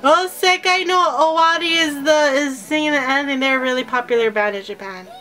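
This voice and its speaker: A woman's voice: high voice, a little fast, pushed and bright, soft background music. A young woman talking casually to camera in a reaction vlog, chatty and emotional, often trailing off and restarting. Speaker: vlogger reacting to a film trailer.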